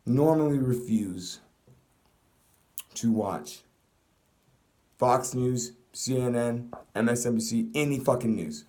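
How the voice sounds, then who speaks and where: A man's voice: medium pitch, a little slow, a little mellow, slight background noise. A young man delivering an angry, profane political rant to camera, swearing constantly. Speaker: vlogger. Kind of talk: ranting political monologue.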